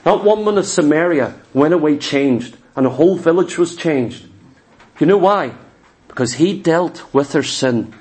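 A man preaching a sermon in an animated, emphatic way, often firing questions at his listeners. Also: fairly high pitch, moderate pace.

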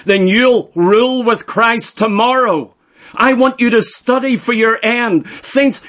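A man's voice: very high-pitched, fairly bright tone. A middle-aged man preaching a sermon, emphatic and repeating phrases for stress.

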